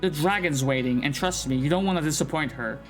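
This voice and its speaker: A man voicing a brash, hurried male goblin runner who talks down to the player in a bossy, mocking way. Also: fairly high pitch, soft background music, lightly acted.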